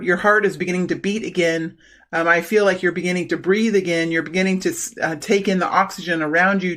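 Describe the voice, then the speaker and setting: A middle-aged woman giving an intuitive tarot reading, talking slowly and haltingly with many fillers and restarts. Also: lowish voice, a bit bright. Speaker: tarot reader.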